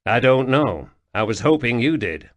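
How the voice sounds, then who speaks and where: A man's voice: mid-range voice, expressive, normal speed, close to an everyday voice. A man reading an audiobook voices a young male seer who questions ghosts in an urgent, commanding way. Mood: intense. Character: young male spirit-seer, intense, brusque then gentle.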